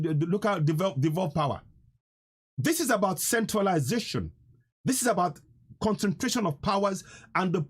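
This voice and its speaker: A man's voice: high-pitched, husky. A man hosting a live stream, delivering a fiery, emphatic political rant and repeating lines for effect.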